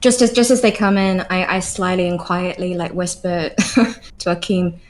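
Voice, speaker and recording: A woman playing a tabletop game, describing her character's actions in an animated, giggly way. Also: on the low side, moderate pace, slight background noise. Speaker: player. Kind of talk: casual tabletop role-play.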